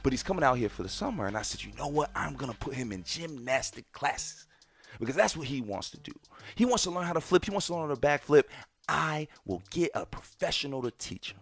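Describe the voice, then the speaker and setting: A man's voice: mid-range voice, lively intonation, fairly quick, breathy edge, faint music behind. A man in his thirties hosting a podcast, talking casually and emphatically to his listeners and repeating his phrases for effect. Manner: emphatic and repetitive, often addressing ladies and gentlemen. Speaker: podcast host.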